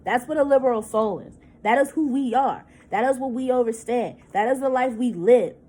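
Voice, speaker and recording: A woman's voice: on the high side, moderate pace, warm tone, rough recording. Upset woman venting in a vlog. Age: 30s. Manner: agitated, repetitive, profane, restarts words. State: upset, holding back tears. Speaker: vlogger. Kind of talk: emotional personal vlog rant.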